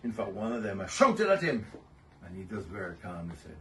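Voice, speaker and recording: A man's voice: lowish voice, sing-song, a little fast. An older man, a guest in an interview, chatting and telling family stories and laughing often. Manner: warm storytelling, laughs often. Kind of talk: casual interview talk. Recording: distant mic with faint noise.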